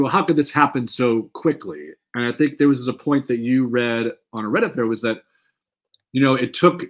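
Guy cohosting a fan podcast, rambles excitedly, swears a bunch, mid pitch. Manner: animated, rambling, swears freely. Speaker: podcast co-host. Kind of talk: casual fan chat.

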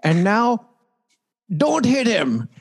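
A man putting on a mock Indian accent to voice a calm boxing instructor. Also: extremely slow, husky, full character voice. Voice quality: high put-on voice.

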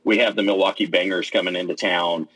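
Brief: male guest, low husky voice, chatty storyteller acting out quotes. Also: fairly quick, low-quality recording. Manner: animated storytelling, acts out quotes, many fillers and restarts. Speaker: interview guest, pennant maker and player. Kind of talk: casual storytelling in an interview.

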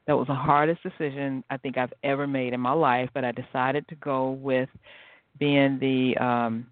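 A woman hosting her own podcast, telling stories in a chatty, animated, encouraging way. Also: rumbling low, normal speed, dry recording. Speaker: podcast host. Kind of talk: casual motivational solo podcast. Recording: tinny phone-like dry sound.

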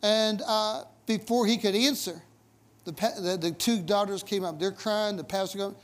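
A man's voice: high-pitched, steady tone, normal speed. Folksy preacher man telling stories. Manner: conversational, folksy, emphatic, laughing asides. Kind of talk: storytelling sermon.

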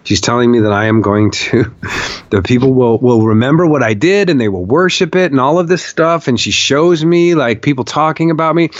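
A man recounting a vision in a podcast interview, animated and profane, acting out the quotes he tells. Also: medium pitch, moderate pace, no echo, dull audio. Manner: animated storyteller, swears, acts out shouted quotes. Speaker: podcast guest, documentarian. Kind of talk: storytelling in a long interview.

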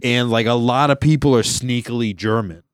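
A man's voice: mid-range voice, normal speed, dry recording, clean studio sound. A man from California co-hosting a podcast, chatting casually with many fillers, asides and swearing. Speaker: podcast co-host. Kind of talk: casual chat.

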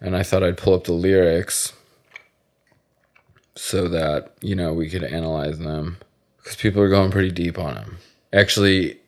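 Deep-voiced man in crude casual chat. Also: steady tone, normal speed, pauses often. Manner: crude, joking, laughs often. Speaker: podcast host.

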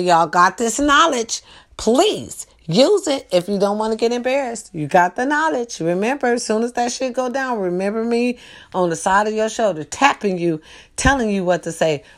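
Brief: young woman host, casual night chat, animated and teasing, streetwise tone. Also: a little high.

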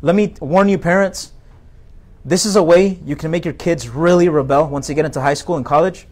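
A man's voice: on the high side, brisk, a little mellow. A male pastor preaching a sermon in a direct, conversational way, full of rhetorical questions to the congregation.

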